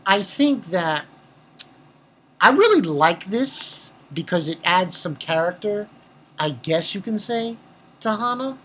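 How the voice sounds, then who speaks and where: Husky, low-voiced woman recapping an episode. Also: fairly bright tone. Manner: rambling and profane, with many restarts. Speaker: anime episode reviewer. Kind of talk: casual spoken episode recap.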